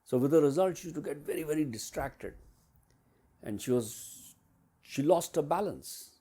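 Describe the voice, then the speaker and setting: Male business mentor, storyteller, voices swing widely in pitch and volume as he acts things out. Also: moderate pace. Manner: animated, acts out quotes and sounds with big swings in pitch and loudness. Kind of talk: storytelling coaching talk.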